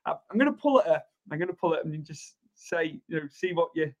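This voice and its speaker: A man's voice: a little high, animated, fast talker. A man hosting a podcast interview, enthusiastic and full of praise for his guest. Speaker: podcast host. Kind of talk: casual interview chat.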